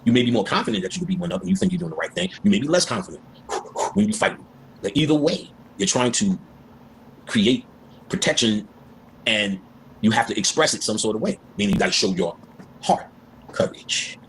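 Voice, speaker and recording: A low-voiced man talks fast and freely, his pitch leaping around as he acts out the people in his stories. The talk is loose and casual, and there is a faint hiss of background noise. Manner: animated, acts out voices in quotes. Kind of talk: casual storytelling and spiritual talk.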